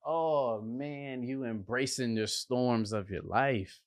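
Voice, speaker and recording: An animated man talking in a casual motivational monologue, slangy and playful, with bursts of emphasis and sound effects. He speaks at an unhurried, drawn-out pace, in a mid-range voice. The recording is close and dry, with no room echo. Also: medium pitch. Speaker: line cook sharing a motivational story.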